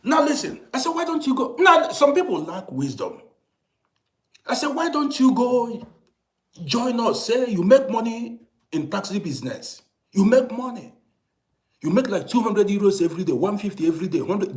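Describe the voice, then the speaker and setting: A middle-aged man telling a long personal story in a casual monologue, swinging from hushed asides to loud, emphatic points. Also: sits high, big pitch swings, normal speed. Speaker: storyteller host. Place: living abroad in Germany.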